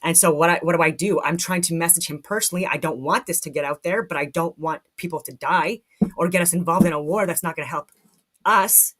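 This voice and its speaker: A woman's voice: on the low side, brisk, a bit bright, slightly rough. A woman from Canada giving casual spoken commentary, talking animatedly with frequent restarts and free swearing.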